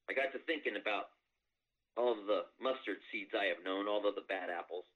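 A male priest preaching a sermon, telling a story in a measured way with pauses. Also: fairly low pitch. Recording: dull lo-fi recording.

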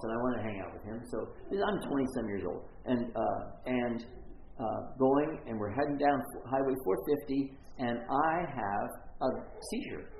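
A man's voice: mid-range voice, gravelly, a little hiss or hum. Middle-aged man preaching over a tinny line. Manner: conversational, rambling, self-interrupting. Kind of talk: storytelling sermon. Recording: echoey phone-like recording.

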